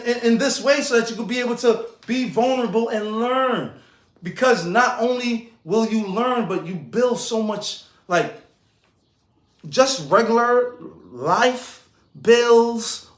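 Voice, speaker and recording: High, animated New man in an echoey room. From New York. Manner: animated, laughs often, slangy. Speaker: fitness coach and streamer. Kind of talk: casual motivational talk.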